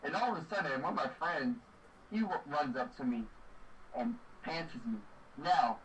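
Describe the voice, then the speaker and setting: A young man tells stories in a casual podcast chat, laughing his way through each one. His voice sits a touch high and comes from some way off the mic. A steady background noise runs under the recording. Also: moderate pace. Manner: laughing, animated storyteller. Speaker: podcast co-host. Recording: distant mic with noise behind.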